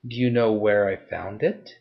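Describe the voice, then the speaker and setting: A man voicing a cold, threatening young woman who interrogates in a soft, low voice. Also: normal speed, vocal fry, muffled recording.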